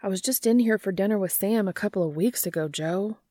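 A woman voicing a gruff, sardonic young man in a read-aloud story. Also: mid-range voice, fairly quick, warm tone, no echo, studio quality, close to an everyday voice. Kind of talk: fan fiction audiobook reading.

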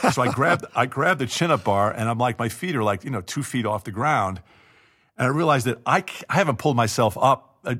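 A man's voice: fairly low pitch, fairly bright tone. A middle-aged man telling a long personal story in a casual interview, chatty and self-deprecating, with frequent restarts and laughs.

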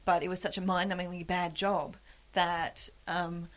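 A woman's voice: on the low side, flat delivery, a little slow. A young woman hosting a podcast, telling self-deprecating work stories and laughing often. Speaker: podcast host. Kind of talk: casual chat.

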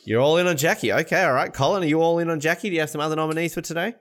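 A man's voice: a little high, rapid-fire. A man hosting a casual sports podcast, joking and rambling, often laughing. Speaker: podcast host. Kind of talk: casual chat.

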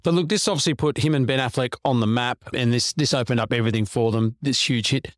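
Man, brisk talker, dry close sound, rattles off film facts, podcast co-host. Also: medium pitch, no echo. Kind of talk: casual chat.

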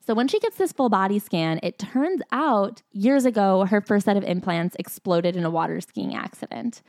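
A woman with a lowish voice co-hosts a chatty podcast and recaps a book in a storytelling way. Her delivery is dry and sarcastic, and the sound is close and dry with no room around it. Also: no echo. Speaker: podcast co-host. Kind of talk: casual chat recapping a book.

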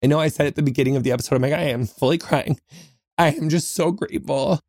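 A man hosting a podcast, talking earnestly and reflectively in a small closet, with frequent pauses and restarts. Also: a little high, darkish tone, dry recording, studio quality. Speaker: podcast host. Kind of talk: heartfelt solo podcast talk.

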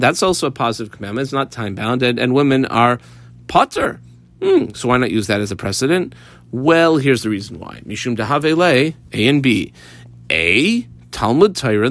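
A man teaching a Talmud class. He explains it step by step and weaves Hebrew and Aramaic terms into his English. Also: medium pitch. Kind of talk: daily page Talmud class.

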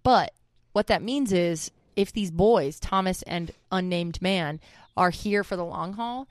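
A woman's voice: fairly low pitch, a little slow, no room sound, clean studio sound. A young woman co-hosting a podcast, joking and giving emphatic advice in casual chat. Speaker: podcast co-host.

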